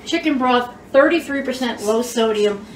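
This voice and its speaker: A woman's voice: on the high side, moderate pace. A woman hosting a home cooking show, chatty and exclaiming as she cooks in her kitchen. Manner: chatty and exclamatory, squeals when food turns out well. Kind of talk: casual cooking demonstration. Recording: roomy, distant mic, background hiss.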